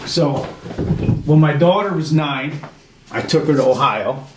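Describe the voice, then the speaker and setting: A man's voice: fairly high pitch, a little slow, noisy background. A middle-aged man from New York, telling hunting stories in a casual podcast conversation. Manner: storytelling, animated retelling with quoted voices. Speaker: podcast guest, chapter president. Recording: echoey room.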